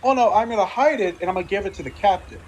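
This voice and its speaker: A man playing a tabletop game in an excitable, chatty way. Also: high-pitched, racing, lo-fi sound, background noise. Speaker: player. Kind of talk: casual tabletop game play.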